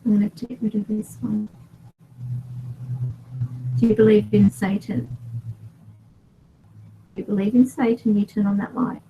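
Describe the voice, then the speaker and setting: A woman's voice: medium pitch, flat delivery, normal speed, gravelly, long pauses, dark tone, slight background noise, low-quality recording. A woman running a paranormal session for her vlog, firmly questioning and ordering unseen spirits. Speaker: paranormal investigator.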